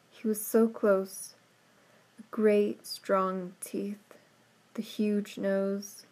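A woman reading a storybook aloud at an unhurried pace. Her tone is mellow and soft, with a fairly even melody that stays calm through the tale. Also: mid-range voice. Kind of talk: storybook read-aloud narration.

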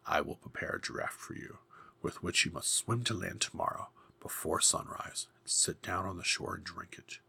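A man voicing a scheming old female sea witch in a hoarse, menacing whisper. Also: low voice, pushed and bright, full character voice. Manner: sly, menacing.

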